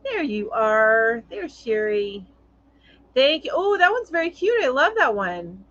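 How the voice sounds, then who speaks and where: A woman's voice: sits high, sing-song, a little slow, a bit bright. Woman, live-stream host, casual chat, reads comments aloud, lots of ums, muffled lo-fi audio. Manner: chatty, reads viewer comments aloud with frequent fillers.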